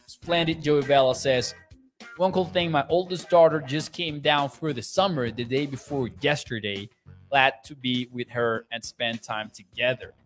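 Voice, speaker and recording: A man's voice: medium pitch, normal speed, soft background music. A young man hosting a sports livestream, reading viewer comments aloud in an upbeat, chatty way and laughing often. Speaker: sports podcast host.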